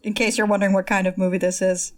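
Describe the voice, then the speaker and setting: Wry woman guest, dry asides, noisy clicking mic, mid pitch. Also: flat delivery, fast. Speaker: podcast guest. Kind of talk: casual film chat.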